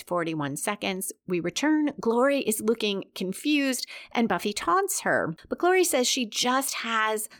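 A woman recapping a TV episode scene by scene, reading out timestamps and adding brief asides. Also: medium pitch. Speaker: podcast host.

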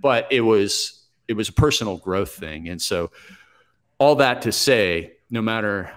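A man in his forties speaks as a podcast guest, his voice sitting slightly low. He tells his stories in a plain-spoken, reflective and steady manner. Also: a little slow. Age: 40s. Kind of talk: conversational interview storytelling.

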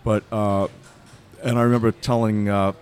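Animated lower-voiced man telling stories. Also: moderate pace, clean tone, soft background music. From Massachusetts. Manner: animated storyteller, acts out voices in quotes. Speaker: bar consultant and guest. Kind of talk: casual storytelling chat.

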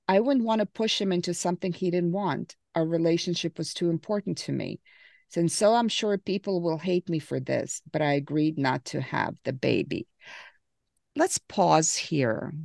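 A woman's voice: sits low, creaky, a little mellow, no echo, clean studio sound. A woman hosting a podcast, casually recapping a memoir and reading quotes aloud. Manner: recaps and reads quotes, laughs easily. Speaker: podcast host. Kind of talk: casual book-club chat.

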